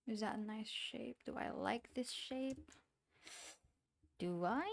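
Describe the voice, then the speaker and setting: A woman's voice: a little high, slow, vocal fry, long pauses. A woman streamer with an accent, chatting casually while she draws, rambling and talking to herself with small giggly asides. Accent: non-standard English accent. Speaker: VTuber streamer. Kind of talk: casual chat while drawing.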